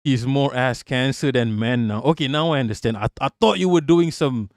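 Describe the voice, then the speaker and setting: A man's voice: medium pitch, moderate pace, few pauses, no room sound, clean studio sound. A man in his thirties doing casual live-stream commentary and reading chat aloud, blunt and profane, often breaking into laughter.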